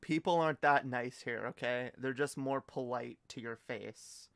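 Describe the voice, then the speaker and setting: A man's voice: medium pitch, a little slow, vocal fry, fairly bright tone, smooth. A man from Canada chatting casually on a livestream, swearing a lot and stumbling through rambling restarts. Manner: profane, rambling, stammering restarts. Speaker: streamer.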